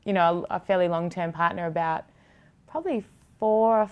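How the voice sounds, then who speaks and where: Chatty Australian woman, smooth low voice. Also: normal speed, highs cut off. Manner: chatty, rambling, many fillers and restarts. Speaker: guest, TV presenter. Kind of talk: casual interview chat.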